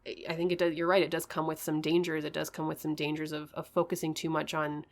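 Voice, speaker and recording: A woman's voice: low voice, flat delivery, fast. A woman co-hosting a podcast in casual chat, talking loosely with lots of "like" and "you know". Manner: chatty, hedging with "like" and "you know". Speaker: podcast co-host.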